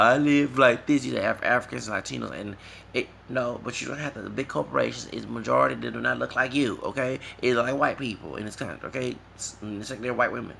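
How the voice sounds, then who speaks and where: A man's voice: mid-range voice, gravelly, a little hiss or hum. A man from the United States ranting casually on a vlog, rambling and mocking, tagging his points with a questioning "okay?". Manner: rambling, keeps asking "okay?"; mocking, animated. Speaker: vlogger. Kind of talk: casual rant to camera.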